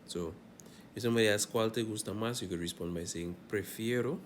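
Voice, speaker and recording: Male language teacher, low voice, patient classroom explainer, faint hiss behind. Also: fast. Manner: checks in often with "all right?", repeats examples. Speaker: Spanish teacher. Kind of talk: classroom grammar lesson.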